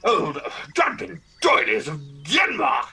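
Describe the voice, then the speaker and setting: A man's voice: high-pitched, wildly swooping pitch, a little slow, vocal fry, bright, forceful tone, breathy edge, rough recording. A man playing a pompous, flustered old-fashioned journalist in an improvised comedy sketch.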